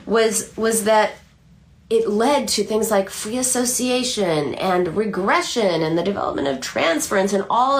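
A middle-aged woman, a psychoanalyst, explaining a case with lively storytelling and frequent restarts. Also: medium pitch. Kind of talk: explanatory talk.

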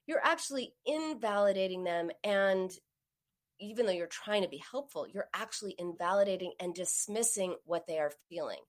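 A woman in her forties hosting an advice talk, speaking straight to the listener and acting out the voices in her stories with big jumps in pitch. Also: normal speed. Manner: animated storyteller, acts out quoted voices with sharp pitch jumps. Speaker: host giving advice on emotional eating.

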